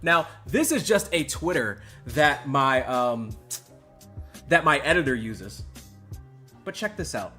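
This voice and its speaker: Guy streaming, bright voice, goes from yelling to mumbling, music under him. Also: mid-range voice, very animated, takes it slowly, long pauses. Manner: mock-emotional, swinging between loud outbursts and hushed mumbling. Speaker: host. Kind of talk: livestream commentary.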